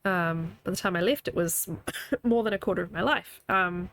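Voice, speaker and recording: A woman's voice: lowish voice, normal speed, a bit bright, dry recording. A woman in her thirties with a New Zealand accent tinged with Scottish, chatting casually while streaming a game, laughing often and reading out chat. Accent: New Zealand with a slight Scottish tinge. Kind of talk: casual gaming commentary. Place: home room.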